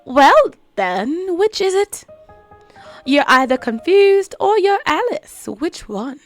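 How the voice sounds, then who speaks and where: A woman's voice: high voice, sing-song, moderate pace, faint music behind. A woman voicing a cryptic, teasing male cat in a game, speaking in a put-on accent with a smug, riddling manner.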